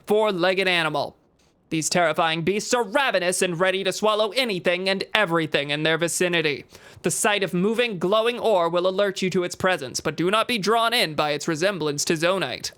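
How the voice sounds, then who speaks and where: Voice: mid-range voice, normal speed, a bit bright, clear, resonant tone, close to an everyday voice. A game streamer doing a mock newscaster voice and reading an urgent bulletin aloud with emphatic announcer delivery. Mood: announcing.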